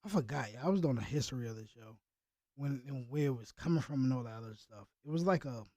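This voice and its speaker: A man's voice: medium pitch, expressive, fast, darkish tone, no room sound, clean studio sound. A man chatting casually in slang with live viewers as he reacts to a video. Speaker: reaction streamer.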